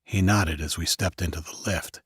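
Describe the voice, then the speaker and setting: Low husky male audiobook narrator. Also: fairly even intonation, normal speed, no room sound, clean studio sound. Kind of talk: first-person audiobook narration.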